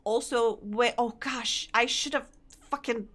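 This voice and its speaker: A woman's voice: fairly high pitch, fairly even intonation, measured pace, a bit bright. A young woman, chatting casually with her live-stream audience, giggly and chatty. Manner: giggly, chatty, reacting to chat.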